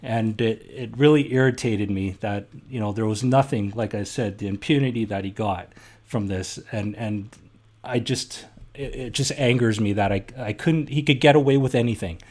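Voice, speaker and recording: A man's voice: lowish voice, normal speed, a little mellow. A middle-aged man, a podcast host telling stories in a casual, blunt and heated way, swearing freely. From Canada. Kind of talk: casual storytelling chat.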